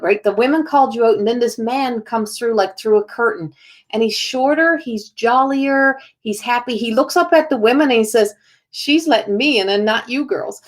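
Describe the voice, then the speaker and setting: A woman with a slightly high voice gives a spontaneous oracle card reading as a psychic medium. She rambles and restarts her sentences, full of "like", as she relays what a spirit tells her.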